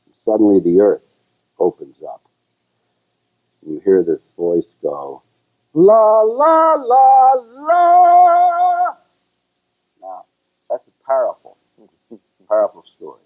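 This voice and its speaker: Husky-voiced man telling a story. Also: measured pace, long pauses. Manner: animated storyteller who sings high "la la" bits. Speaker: show co-host. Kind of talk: casual storytelling chat. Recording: tinny, phone-like, lo-fi sound.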